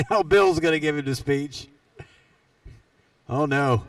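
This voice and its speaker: A man's voice: fairly high pitch, slow pace, no echo, far from the mic, poor audio. A man calling live go-kart races, folksy and teasing the drivers as he jokes between laps. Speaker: race announcer. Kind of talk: live race commentary. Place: racetrack announcer stand.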